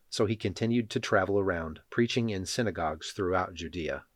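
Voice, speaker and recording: A man reading Bible passages and leading a prayer in a measured, solemn way. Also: low voice, no echo. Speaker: scripture reader.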